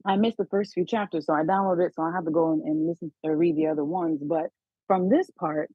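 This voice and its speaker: A woman's voice: fairly low pitch, fairly even intonation, fast, slightly rough, no room sound. A woman calling in to a study call, thinking aloud with many fillers. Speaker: caller. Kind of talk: casual phone call. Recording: muffled phone line.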